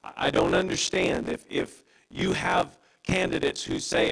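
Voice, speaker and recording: A man's voice: huge pitch swings, moderate pace, vocal fry, few pauses, a bit bright, breathy edge, rough recording. A man preaching a sermon as pastor, impassioned and emphatic. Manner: impassioned preaching with wide pitch swings.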